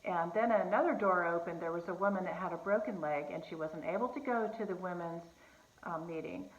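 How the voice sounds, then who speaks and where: A woman's voice: fairly low pitch, a little fast. A woman casually telling a personal faith testimony, earnest and conversational, with fillers and restarts. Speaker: host sharing a personal testimony. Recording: echoey room, slightly dull sound.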